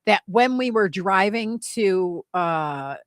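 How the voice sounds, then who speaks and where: A woman's voice: mid-range voice, expressive, slow. A woman cohosts a talk show with a voice that rises and falls a lot as she chats. She is easily amused and talks in a loose, conversational way. The sound is dry and close, with no room echo. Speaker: radio show co-host. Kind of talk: casual banter.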